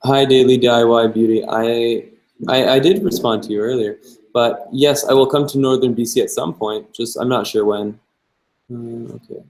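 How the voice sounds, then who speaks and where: A man's voice: medium pitch, fairly even intonation, normal speed, darkish tone, poor audio. A young man hosting a live-stream Q&A, answering viewer questions in an easygoing way and thinking aloud as he goes. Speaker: travel vlogger host.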